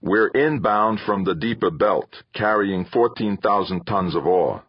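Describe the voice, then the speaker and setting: A man's voice: fairly low pitch, expressive, a little slow, breathy edge, no room sound. A man voicing a blunt, grim middle-aged father piloting an ore ship, given to muttering. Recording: slightly muffled.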